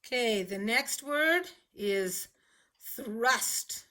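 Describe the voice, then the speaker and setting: A woman teaching a children's phonics lesson, explaining words slowly and patiently with clear enunciation. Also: fairly high pitch, lively intonation, sharp tone.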